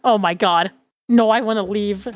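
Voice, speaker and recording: A woman's voice: mid-range voice, moderate pace, no echo. A woman streamer chatting casually and sarcastically while playing a dating game.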